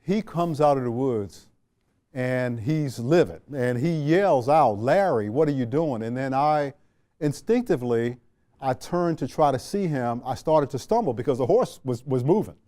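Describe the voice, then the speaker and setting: Guy from dc telling an old story in an interview, warm mellow voice, lots of uhs and restarts. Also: mid-range voice, animated. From Washington, D.C. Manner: unhurried, frequent fillers and restarts. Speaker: interview guest, retired general. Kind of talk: reflective storytelling.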